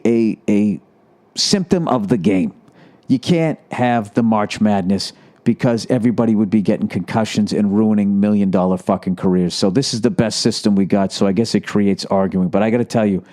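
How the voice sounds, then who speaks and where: A man's voice: on the low side, mellow. A man hosting a solo podcast, ranting about sports in a profane, sarcastic way. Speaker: podcast host.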